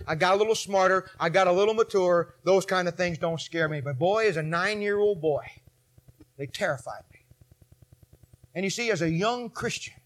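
Forties male pastor, high and bright, acts out his stories between loud bursts and quiet asides. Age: 40s. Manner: animated storytelling, acting out scenes, swinging from shouts to low asides. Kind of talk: sermon.

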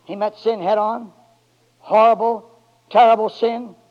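A man preaching a sermon, moving from quiet low passages to loud, drawn-out, shouted climaxes with emphatic words that call for a response. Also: level tone. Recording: dull lo-fi church recording.

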